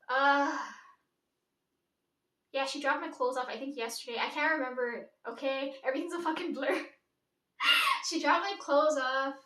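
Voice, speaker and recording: A young woman with a bright, high voice chats loosely to the camera in a daily vlog, wandering from one thought to the next and swearing casually. She sounds a little far from the mic, in a room with a noticeable echo. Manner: rambling, chatty, swears casually, frequent "like". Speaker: vlogger. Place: room at home. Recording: echoey room, mic at a distance.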